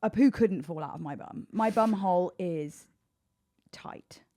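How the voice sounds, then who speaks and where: A woman's voice: mid-range voice, brisk, warm tone. A woman co-presenting a podcast, bantering in a blunt, playful way. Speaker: podcast correspondent. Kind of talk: casual podcast chat.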